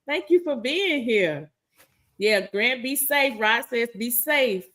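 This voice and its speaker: Bright-voiced woman reading out live chat. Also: on the high side, slow. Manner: lively, laughs often, reads chat aloud with warm greetings. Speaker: co-host of a live-streamed talk show. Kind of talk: casual live-stream chat, reading out viewer comments.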